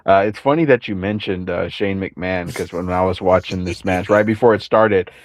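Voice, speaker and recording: A man co-hosting a casual wrestling review podcast, giving calm, measured analysis. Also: low voice, no room sound. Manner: calm, measured analysis with brief agreeing interjections. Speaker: podcast co-host.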